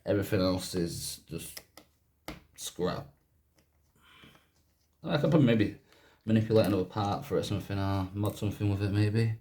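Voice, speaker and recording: A man with a lowish voice chats his way through taking a gadget apart. He rambles and keeps stopping to correct himself. His manner stays relaxed and offhand. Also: normal speed, long pauses. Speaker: YouTuber doing a gadget teardown. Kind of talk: casual teardown commentary.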